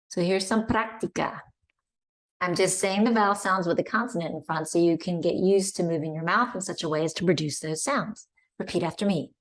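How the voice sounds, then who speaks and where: A woman's voice: fairly low pitch, normal speed. A woman teaching Spanish pronunciation online, carefully modeling vowel sounds for learners to repeat. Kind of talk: online language lesson.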